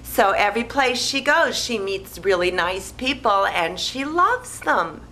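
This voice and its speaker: A woman retelling a movie plot in a rambling, deadpan, naive way, with lots of "like" and "you know". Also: medium pitch, unhurried, a little hiss or hum, low-quality recording. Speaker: movie recapper.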